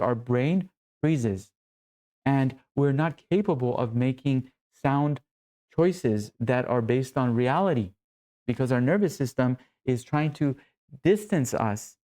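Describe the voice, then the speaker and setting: A man's voice: medium pitch, dark tone. A man coaching other men, talking earnestly and with emphasis in short phrases. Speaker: men's coach. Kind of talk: motivational teaching talk.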